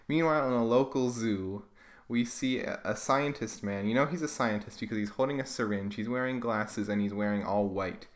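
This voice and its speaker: A man's voice: medium pitch, moderate pace. A man giving sarcastic, comedic commentary as he reads through comics he drew as a kid. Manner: wry, sarcastic. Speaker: YouTuber reading his own childhood comics.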